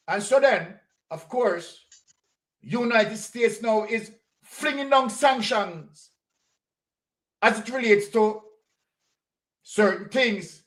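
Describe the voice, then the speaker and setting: A man's voice: high-pitched, fairly bright tone. A man with a Jamaican accent giving a combative political commentary, directly accusing the person he talks about. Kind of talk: monologue commentary.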